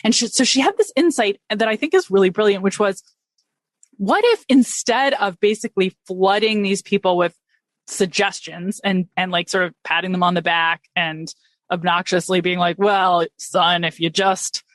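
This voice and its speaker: A middle-aged woman researcher, a guest on a podcast, explaining with quick enthusiasm and frequent restarts. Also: mid-range voice, no echo. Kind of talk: podcast interview.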